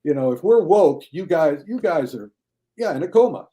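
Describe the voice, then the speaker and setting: Enthusiastic man with a mellow voice. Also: animated, moderate pace. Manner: enthusiastic, mocks critics in a high whiny voice. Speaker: guest critic. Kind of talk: casual podcast chat.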